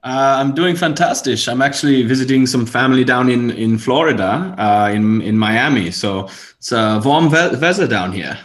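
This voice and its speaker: A man's voice: medium pitch, expressive, normal speed, hardly any pauses. German guy guest on a podcast, mid voice, jokey, lots of uhs. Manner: joking, hesitant with fillers. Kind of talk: casual chat.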